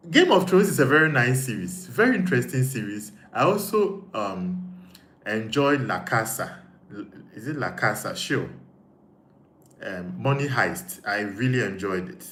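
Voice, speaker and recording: A man's voice: medium pitch, big pitch swings, unhurried, a bit bright. A man with a Ghanaian accent hosting a casual live stream, reading viewer comments and thinking aloud with frequent repeats. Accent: Ghanaian English. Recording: echoey room with faint noise.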